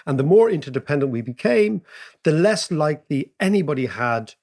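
A man, co-hosting a podcast, telling stories and explaining economics in an animated way, laughing as he goes. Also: fairly high pitch, a little fast. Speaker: podcast co-host. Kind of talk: casual storytelling and economics chat.

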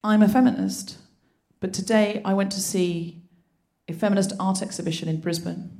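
A woman's voice: mid-range voice, fairly even intonation, moderate pace, mellow. A woman hosting a live comedy podcast on a theatre stage, telling stories in a playful, giggly way. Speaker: podcast host. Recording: live theatre recording with crowd noise.

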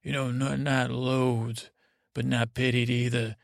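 Gravelly man rambling a bedtime story. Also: level tone, dry recording. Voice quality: gravelly, low-key drone. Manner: meandering, halting, with many restarts and trailing asides. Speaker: sleep podcast host.

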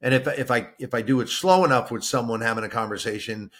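A man's voice: mid-range voice, fast, a bit bright. Man chatting casually on a podcast. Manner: explains at length, repeats words while thinking. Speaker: podcast co-host. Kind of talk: casual chat.

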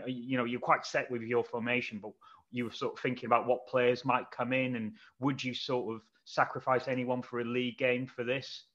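A man's voice: mid-range voice, fairly bright tone. A man hosting an interview, asking long rambling questions full of fillers. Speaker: interview host. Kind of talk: interviewing guests. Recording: dull lo-fi remote line.

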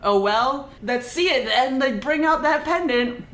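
A woman's voice: a little high, animated, measured pace, a bit bright, pitched above the performer's own voice. Woman doing a sneering bully disciple. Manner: sneering, brash. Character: cocky, bullying young male disciple. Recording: echoey room, faint noise.

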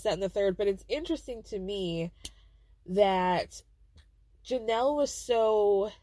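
A woman's voice: mid-range voice, dry recording. A woman hosting a podcast, recapping a reality show in casual, blunt, profane chat and acting out the people she quotes. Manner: blunt, profane, animated storytelling with quoted voices. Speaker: podcast host.

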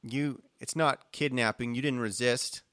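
A man's voice: medium pitch, steady tone, unhurried, a bit bright, no room sound, clean studio sound, close to an everyday voice. A man voicing a curt, impatient male federal agent in a tabletop game. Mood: dismissive. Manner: curt, orders people around.

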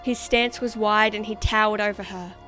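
A woman reading a story aloud as narrator in a measured, expressive way. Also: medium pitch, faint music behind. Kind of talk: scripted narration.

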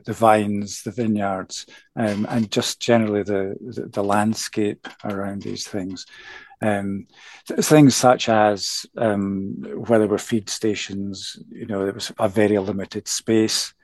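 A man in his sixties, a guest author telling a story in a measured way with many pauses and ums. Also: lowish voice, a little mellow, no echo. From Scotland. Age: 60s. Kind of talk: podcast interview.

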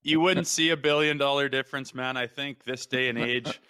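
Laid-back former hockey player, bright crisp voice. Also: male voice, medium pitch, fairly even intonation, moderate pace, dry recording, studio quality. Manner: laid-back, storytelling, frequent "man" and "hey". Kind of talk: casual sports chat.

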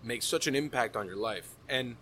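A man's voice: mid-range voice, moderate pace, sharp tone. A man hosting a casual chat, reflective and laughing easily, with casual swearing.

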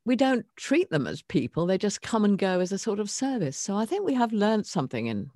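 An older woman co-hosting a casual podcast chat, reflective and expressive as she introduces guests. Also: medium pitch, a little fast, no echo, studio quality. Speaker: co-host.

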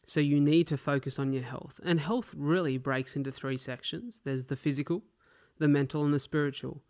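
Aussie bloke rambling through a story on his podcast, slangy and loose, swears a bit. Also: on the high side. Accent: Australian. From Australia. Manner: chatty, slangy, swears casually. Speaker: podcast host.

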